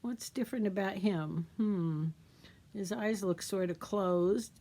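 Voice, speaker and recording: At a storytime craft demo, a middle-aged woman who works as a children's librarian talks to kids in a gentle, sing-song, teacherly way, quizzing them as she goes. Her voice is medium-pitched and unhurried.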